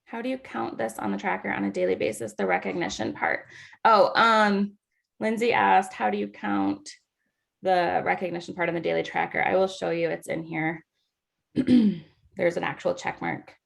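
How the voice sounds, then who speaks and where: A woman's voice: lowish voice, fairly even intonation, moderate pace, gravelly. A woman coaching new team members on a video call, talking in a chatty way with many fillers. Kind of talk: casual training talk over a video call.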